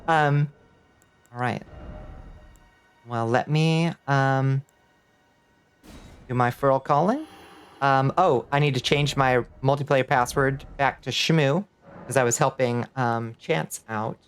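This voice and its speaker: A woman's voice: extremely low pitch, takes it slowly, long pauses, clear, resonant tone. A woman streaming a video game, chatting casually with her viewers, laughing often and thanking them as she plays.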